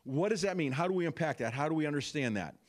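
A male pastor delivering a sermon in a fairly high, lively voice that rises and falls widely. He preaches with animation, asking rhetorical questions and tossing asides to his listeners. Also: quick pace.

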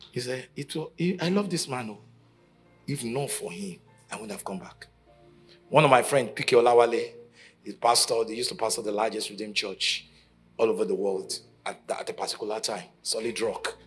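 A man preaching a sermon at a conference, telling stories and acting out the quotes, from shouting to near whispers. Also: medium pitch. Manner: dramatic storytelling, acting out quotes, swinging from shouts to hushed lines. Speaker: pastor. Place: conference stage.

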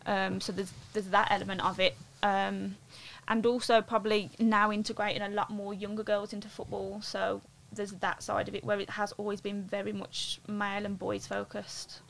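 A woman's voice: medium pitch, flat delivery, normal speed, gravelly, hardly any pauses, a bit bright, a little hiss or hum. A woman, chatting casually as a podcast guest, loose and full of fillers. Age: late 20s to 30s. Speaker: guest footballer and coach.

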